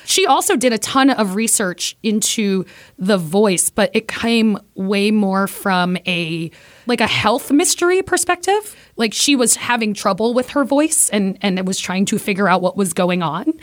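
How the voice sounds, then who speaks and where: A woman's voice: mid-range voice, lively intonation, unhurried, dry recording, studio quality. A woman podcast host talking in a conversational way with some fillers, in a casual interview.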